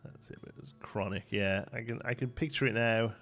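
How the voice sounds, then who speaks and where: A young man chats loosely through a live game stream, rambling and laughing as he builds. His voice has a gravelly fry at mid pitch. Soft music plays underneath. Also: steady tone, a little fast. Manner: chatty, rambling, laughs often, reads chat. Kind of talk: casual live-stream chat while building.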